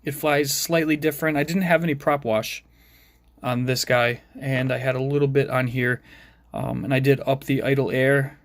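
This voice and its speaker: A man's voice: medium pitch, steady tone, moderate pace, dry recording. A man talking casually about his small racing drone build, rambling and mumbling with self-deprecating asides. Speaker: FPV drone hobbyist showing his build. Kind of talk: casual rambling tech vlog.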